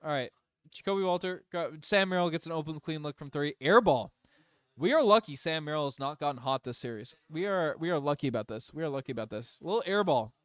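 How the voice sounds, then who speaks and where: Excitable young man calling plays as a fan. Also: on the high side, clear, resonant tone, dry recording, studio quality. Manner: partisan, swings between rapid calls and loud outbursts. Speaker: fan play-by-play streamer. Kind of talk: excited fan play-by-play commentary.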